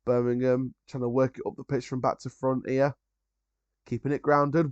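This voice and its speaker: A man's voice: on the high side, moderate pace, smooth, no room sound, dull audio. A man hosting a live football watchalong, chatting casually about the match and other scores, with frequent ums and restarts.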